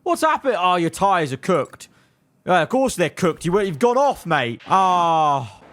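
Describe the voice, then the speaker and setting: Excitable man commentating gameplay. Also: high voice, takes it slowly. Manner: excitable, talks to his drivers, swings from muttering to yelling. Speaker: gaming video creator.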